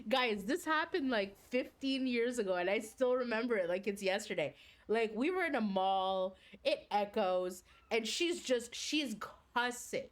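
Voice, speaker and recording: A woman's voice: a little high, moderate pace. Swearing, laughing woman streamer. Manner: animated, swears freely, laughs while telling. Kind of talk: casual storytelling during a livestream.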